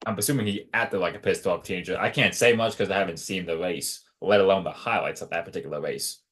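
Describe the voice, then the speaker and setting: A man's voice: low voice, fast, a bit bright, a little hiss or hum. A man co-hosting a casual podcast, chiming in with brief reactions and questions. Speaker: podcast co-host.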